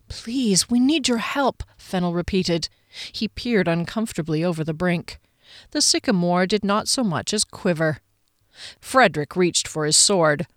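A woman narrating a fantasy audiobook in an expressive, dramatic reading. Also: medium pitch, smooth, no echo, studio quality. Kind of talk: scripted narration.

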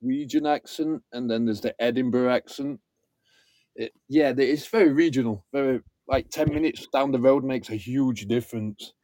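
A man's voice: medium pitch, moderate pace, dark tone, dry recording. A man from England, enthusiastically explaining regional in a casual chat.

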